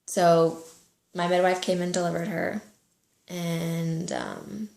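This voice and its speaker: A young woman in her twenties telling a personal story to camera, soft-spoken and halting, with many pauses and fillers. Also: on the low side, monotone, vocal fry, roomy sound. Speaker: vlogger.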